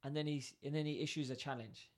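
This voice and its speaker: A man's voice: a little high, fast. A man telling a workplace story in casual chat, acting out both sides of the conversation. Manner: animated, acts out both sides of dialogue.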